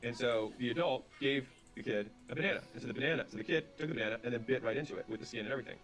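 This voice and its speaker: A man's voice: medium pitch, soft background music. A man speaking on business and sales, telling stories with quoted back-and-forth dialogue, then giving advice. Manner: rapid, animated retelling with quoted dialogue. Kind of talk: storytelling advice talk.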